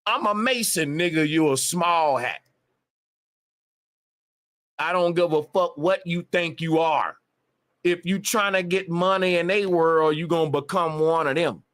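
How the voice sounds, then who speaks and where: A man's voice: fairly high pitch, fairly even intonation, a little slow, pauses often, a bit bright. A man on a livestream, ranting emphatically with a lot of profanity and repetition. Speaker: live streamer. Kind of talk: casual livestream rant.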